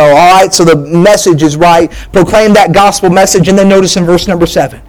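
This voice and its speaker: A pastor delivering a sermon in a fairly high voice for a man. He preaches with emphasis, hammers points through repetition and often stumbles and restarts mid-phrase. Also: steady tone, a little fast, hardly any pauses, poor audio.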